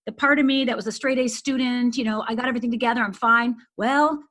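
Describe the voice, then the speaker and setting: A middle-aged woman from Upper Michigan, a life coach guest, telling a painful personal story earnestly and dropping to a hush at the hardest moments. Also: a little high, steady tone, quick pace. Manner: earnest, intense, often drops to a hush.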